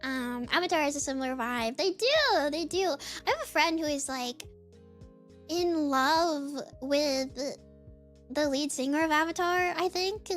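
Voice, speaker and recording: A young woman streamer telling a story in casual livestream chat, animated, laughing often and saying "like" a lot. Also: high-pitched, a little slow, soft background music.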